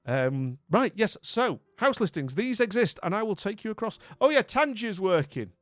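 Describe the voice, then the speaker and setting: With a high, sing-song voice at a moderate pace, a man from northern England chats casually on his live stream, rambling, restarting, and offering friendly greetings. He sounds a little weak after illness. There is no echo, and faint music plays behind him.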